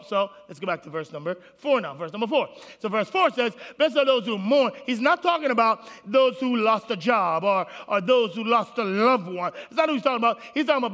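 A man preaching a sermon to his congregation, animated, calling out to the people in the room. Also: very high-pitched. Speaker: pastor. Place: large auditorium with congregation. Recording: long hall reverb.

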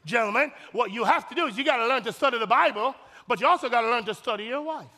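A man's voice: extremely high pitch, fast talker, sharp tone. A man preaching a sermon as pastor, emphatic and folksy, repeating his points and speaking directly to the congregation. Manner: folksy and humorous. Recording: long hall reverb.

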